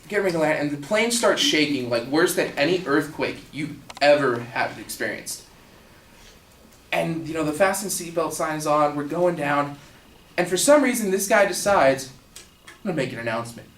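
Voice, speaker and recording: A young man telling a story live, casual and animated, full of likes and you-knows. His slightly high voice sounds echoey from a distant mic, with faint room ambience underneath. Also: moderate pace, a little hiss or hum. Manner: casual and animated, with lots of fillers.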